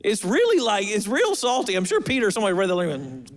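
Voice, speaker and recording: A man's voice: high-pitched, huge pitch swings, fast talker. A man preaching a sermon as pastor, in a humorous, conversational way with asides to the congregation.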